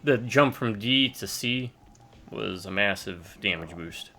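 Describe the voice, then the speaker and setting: A man chatting casually with a friend while they play a co-op game, jokey and excitable, with sudden shouts. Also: on the low side, takes it slowly. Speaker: co-host gamer. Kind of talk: casual co-op gaming chat.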